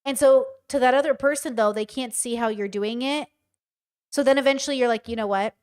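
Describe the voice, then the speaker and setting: A woman's voice: sits high, brisk, darkish tone, smooth. A woman streaming casual live commentary, talking bluntly and with emphasis straight to her chat. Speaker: streamer reacting to a show.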